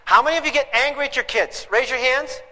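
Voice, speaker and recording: A man's voice: extremely high pitch, quick pace, pushed and bright, big-room sound, rough recording. A man teaching a parenting class to a live audience, emphatic and throwing questions at them.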